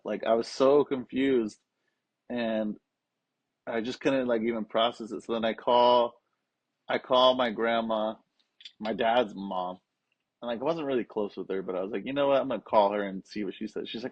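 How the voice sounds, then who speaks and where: A young man with a husky voice tells a personal story in loose, profane chat and slips into the voices of the people he quotes. The sound is dry and close, with a dull lo-fi tone. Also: medium pitch, fairly even intonation, moderate pace, no room sound. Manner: swears freely, acts out quoted voices. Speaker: podcast guest, skateboarding coach. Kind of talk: casual storytelling.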